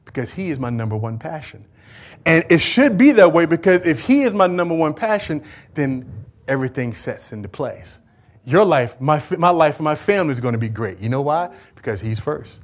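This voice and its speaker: A man preaching a church sermon, moving from quiet, conversational talk to loud call-and-response questions. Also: fairly high pitch. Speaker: pastor. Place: church service.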